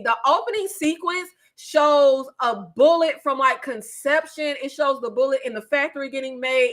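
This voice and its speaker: Young woman, high bright voice, casual movie chat, loose and laughing. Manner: chatty, loose, with fillers and laughs. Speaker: movie review YouTuber.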